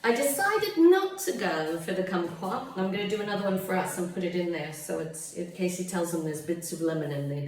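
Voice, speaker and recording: A woman's voice: on the low side, animated, moderate pace, background noise. A woman from Canada chatting casually and digressively through a home cooking video, laughing often. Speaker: home cook. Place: home kitchen. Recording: very echoey room, mic far off.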